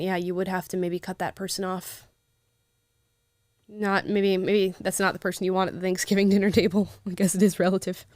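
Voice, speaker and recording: A woman's voice: medium pitch, dry recording. Chatty woman livestream host, dry mic. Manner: lively, laughs often, sarcastic asides. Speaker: livestream host reading viewer comments. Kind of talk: casual live chat.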